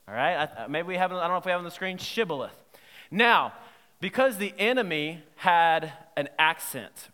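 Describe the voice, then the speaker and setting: A man preaching a sermon in a playful, lively way, quizzing his audience as he goes. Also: fairly high pitch, long reverb tail. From Southern United States. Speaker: pastor.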